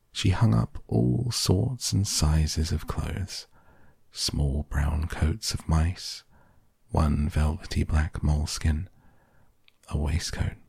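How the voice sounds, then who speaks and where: Slow, gravelly male storyteller, gentle reading, very deep voice. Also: dry recording, clean studio sound. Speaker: narrator.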